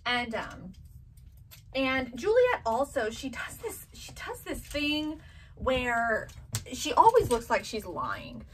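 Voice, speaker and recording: A woman's voice: sits high, big pitch swings, slow, recorded from a distance, slight background noise, low-quality recording. Chatty woman telling family stories. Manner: chatty storytelling, acts out her kids' voices. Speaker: vintage box seller and mother. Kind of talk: casual chat.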